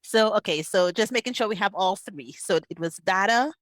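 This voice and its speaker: A woman's voice: mid-range voice, lively intonation, moderate pace, no echo, clean studio sound. A woman hosting an interview, who affirms her guest, recaps points and asks follow-up questions. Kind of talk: conversational interview.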